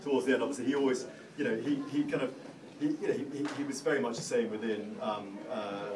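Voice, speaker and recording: A middle-aged man giving a eulogy for his father, telling funny stories in a halting, self-deprecating way with many restarts. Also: mid-range voice, noisy background. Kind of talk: anecdotal speech to a crowd. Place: large room at a funeral gathering. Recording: roomy hall, distant mic, audience laughter.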